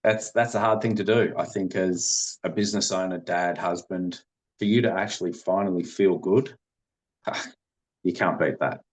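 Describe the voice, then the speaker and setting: A man's voice: deep voice, steady tone, normal speed. A middle-aged man, telling his story as a podcast guest in an earnest, rambling way. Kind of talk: conversational interview.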